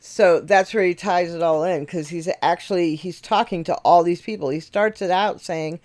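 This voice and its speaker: A woman's voice: lowish voice, normal speed, few pauses, a little mellow, dry recording. A woman hosting a music reaction video, thinking aloud, chuckling now and then and correcting herself as she talks. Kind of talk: casual reaction commentary. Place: home setup at a computer.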